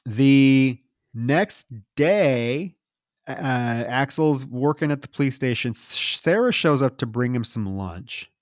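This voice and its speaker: A man's voice: mid-range voice, slow, dry recording, clean studio sound. A man co-hosting a podcast, casually retelling a movie scene by scene and acting out the characters' lines as he goes. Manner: animated retelling, quoting characters. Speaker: podcast co-host. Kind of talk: casual film recap chat.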